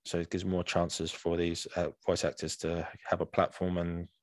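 A man's voice: low voice, completely flat delivery, moderate pace, no room sound. A man co-hosting a podcast, chatting casually and rambling with many restarts. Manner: rambling, restarts often, says "man" a lot. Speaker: podcast co-host. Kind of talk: casual chat.

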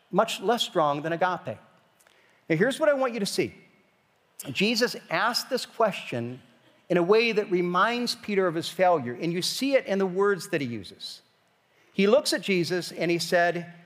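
Man, pastor, conversational sermon, emphatic rising questions, high voice, long reverb. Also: sing-song, normal speed, a bit bright.

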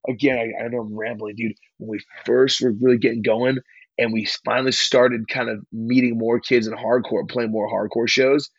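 Brief: young male guest, rambling slangy storyteller, husky voice, dry close sound. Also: medium pitch, flat delivery, moderate pace, no echo, dull audio. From California. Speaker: hardcore band vocalist, podcast guest. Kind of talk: casual interview chat.

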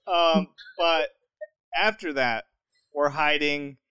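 A man's voice: on the high side, takes it slowly, clean tone, no room sound. A young man telling a story in casual chat, laughing often and acting out what people said. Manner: animated, laughing often, acts out quotes.

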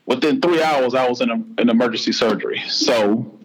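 A man in his forties from North Carolina, with a Southern US accent and a medium-pitched voice, tells a personal story as a podcast guest. He speaks a little fast in an earnest, heartfelt way, and the audio is poor.

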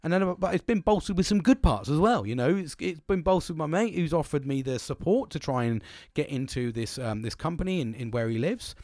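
A man's voice: fairly high pitch, animated, a little fast, darkish tone, dry recording, clean studio sound. A man hosting a solo podcast, talking casually in a rambling, heavily profane way with frequent restarts. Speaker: podcast host.

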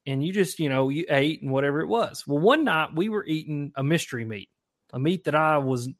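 Guy, slightly high voice, lively storyteller, chatty podcast guest. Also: brisk. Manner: animated storyteller, says dude and like. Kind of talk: casual storytelling.

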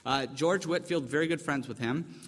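A man preaching a relaxed, conversational sermon to a church congregation, joking and asking the room questions. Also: a little high, normal speed, breathy edge. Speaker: pastor. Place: church sanctuary. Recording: long hall reverb.

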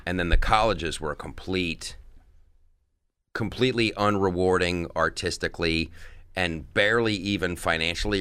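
A male comedian telling stories in a casual interview, animated and acting out impressions. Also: low voice, dry recording. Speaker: comedian guest.

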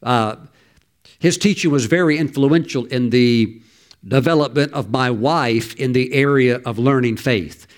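A middle-aged male pastor with a medium-pitched voice speaks a little slowly as he preaches a sermon. He tells stories, fervently exhorts his listeners, and breaks into loud laughter.

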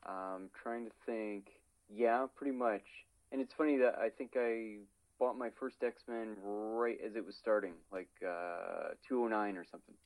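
A man's voice: on the low side, a little slow, a little mellow, poor audio. A man co-hosting a casual comics podcast, laid-back and giving short replies. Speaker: podcast co-host.

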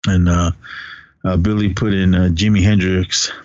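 A man co-hosting a podcast in casual movie chat, retelling scenes with lively put-on voices and frequent laughs. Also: sits low, moderate pace, dry recording, muffled recording. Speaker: podcast co-host.

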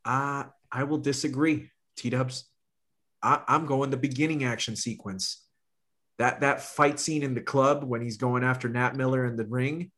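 A man chatting casually as a podcast co-host. His pitch sits mid-range, and he talks with hype and slang, often restarting his sentences as he gets excited. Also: measured pace. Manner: enthusiastic, slangy, lots of restarts.

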